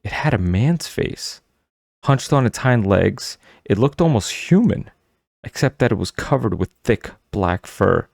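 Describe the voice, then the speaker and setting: A man narrating an audiobook in a steady, measured storytelling manner. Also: on the low side, vocal fry, no room sound, clean studio sound.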